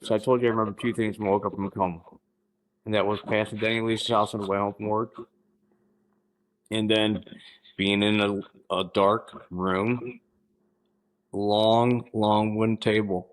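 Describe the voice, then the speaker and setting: A man in his fifties from Missouri, a podcast guest telling a personal story in a halting way, restarting sentences and clearing his throat. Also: fairly low pitch, level tone, poor audio. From Missouri, United States.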